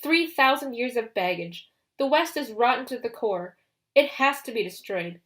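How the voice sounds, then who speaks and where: A woman reading an audiobook, voicing a smooth, mocking young male villain who taunts the heroes. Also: a little high, expressive, moderate pace, a bit bright. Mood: taunting.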